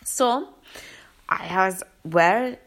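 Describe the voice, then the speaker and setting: A woman's voice: mid-range voice, very slow, fairly bright tone. A woman vlogger rambling through a personal story in a casual, chatty way, with many fillers and restarts. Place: London.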